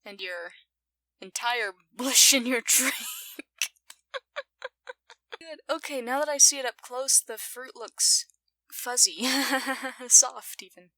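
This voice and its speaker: Giggly woman reacting slowly and brightly. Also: a little high, no room sound. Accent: non-standard English accent. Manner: giggly, playful, talking back to the screen. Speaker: video reactor. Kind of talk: casual reaction commentary.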